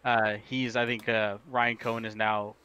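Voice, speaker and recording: Casting note: man, stream co-host, bright voice, loose filler-heavy delivery, faint hiss. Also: lowish voice, little pitch movement, normal speed, muffled recording. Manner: rambling, filler-heavy, swears casually. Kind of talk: casual chat about game news.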